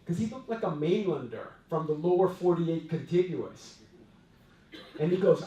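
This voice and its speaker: Man from Hawaii addressing staff, slightly high voice, a lively and chatty storyteller, heard from afar in an echoey room. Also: moderate pace, distant mic. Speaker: company president. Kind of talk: storytelling speech to employees.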